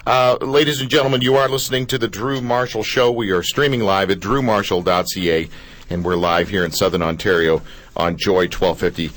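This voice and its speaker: A man hosting a live radio talk show from a studio. He talks in an animated way, with many stumbling restarts. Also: fairly low pitch, a little fast.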